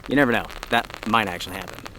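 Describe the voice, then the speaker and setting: A man's voice: fairly low pitch, fast. A man talking to his viewers in a casual outdoor vlog, out of breath, sheltering under a tarp in a forest. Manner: chatty, upbeat, addresses viewers directly. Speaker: outdoor vlogger. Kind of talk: casual camping vlog to camera. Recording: loud rain noise outdoors. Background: heavy rain.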